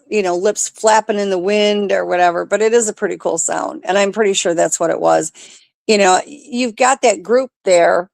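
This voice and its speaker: A woman's voice: medium pitch, dry recording. A woman talking on a radio show, explaining things in a confident, conversational way.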